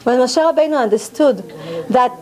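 A woman with a very high voice gives a religious lesson to a women's class. She tells the story with animation, going back over her phrases and mixing in words. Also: normal speed. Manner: animated storyteller, repeats phrases, mixes in Hebrew. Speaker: rabbanit teaching a women's class.

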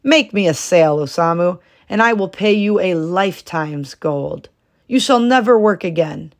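A woman voicing a boastful, rich ship captain who bargains loudly. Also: lowish voice, expressive, unhurried. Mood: bargaining.

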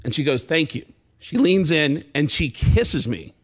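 On a radio show in the studio, a Canadian comedian guest tells a comic story at a measured pace in a husky, very animated voice. He acts out everyone's lines with his pitch jumping high and low, laughing all the while.

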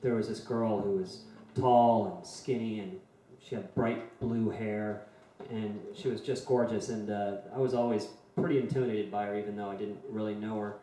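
A man in his forties telling a personal story in a soft, halting way before playing a song. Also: lowish voice, fairly even intonation. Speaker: singer-songwriter. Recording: very echoey room.

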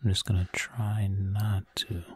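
Man, slow breathy whisper, low and gravelly, fretful self-talk, close mic ASMR commentary. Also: little pitch movement, no echo. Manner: fretful muttering to himself. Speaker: ASMR creator.

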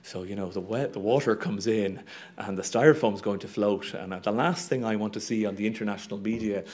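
A middle-aged Irish man, an astronomy professor, giving a lively, humorous public talk with slides and plenty of ums and uhs. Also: lowish voice, a little fast. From Ireland.

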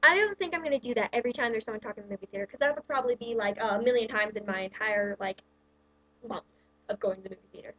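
A woman's voice: a little high, very fast, pushed and bright, lo-fi sound. A woman vlogger ranting casually through a countdown list of pet peeves, exasperated and sarcastic, with plenty of "like" in her speech. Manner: exasperated, sarcastic, heavy use of "like".

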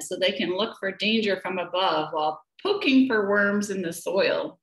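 Woman nature educator, slow storytime reading to small kids, roomy echo. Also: medium pitch. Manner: slow, gentle, asks the children questions. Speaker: children's nature program educator. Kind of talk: reading a picture book aloud to young children. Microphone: laptop or webcam for a video session. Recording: echoey room.

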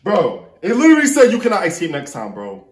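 A man's voice: high voice, wildly swooping pitch, fast talker, distant mic. A young man commenting on a horror game for his viewers, jumpy and chatty, calling out "bro" often. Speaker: gaming YouTuber. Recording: roomy, off-mic, loud game music.

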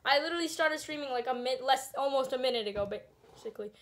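High-voiced woman streaming a VR game. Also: fast, a bit bright. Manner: rambling, lots of fillers and restarts. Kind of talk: casual live-stream chat.

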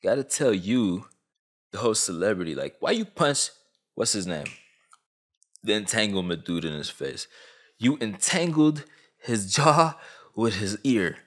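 A man's voice: a little slow, pauses often. A man in his twenties from Canada, a YouTuber delivering a comedic, slangy commentary rant. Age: 20s. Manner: animated, swooping pitch, slangy.

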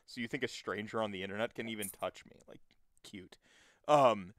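A man's voice: lowish voice, fast talker, no room sound, studio quality. A man hosting a casual podcast chat, rambling through restarts and fillers and swearing freely. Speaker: podcast host.

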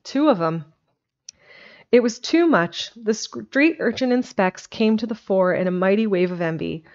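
A woman narrating a classic story chapter in a steady, even way. Her voice sits at a medium pitch. The home stream recording is slightly muffled and lo-fi. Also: moderate pace. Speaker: audiobook reader.

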